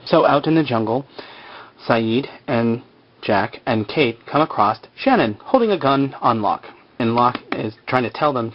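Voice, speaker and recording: A man's voice: medium pitch, lively intonation, moderate pace, muffled recording. A man hosting a podcast, casually recapping an episode in a rambling, joking way, full of fillers. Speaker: podcast host.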